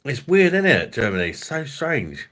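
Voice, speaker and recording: A man's voice: mid-range voice, huge pitch swings, measured pace, fairly bright tone. A man hosting a casual livestream chat, rambling and swearing freely with the odd chuckle. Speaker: host.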